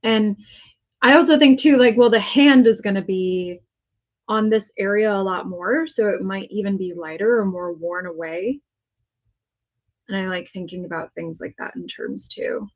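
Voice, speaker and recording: A woman's voice: medium pitch, moderate pace, dull audio. Chatty American woman painting at her desk. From United States. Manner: chatty, self-talking while working, jokey asides. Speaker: prop painter. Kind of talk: casual crafting vlog talk.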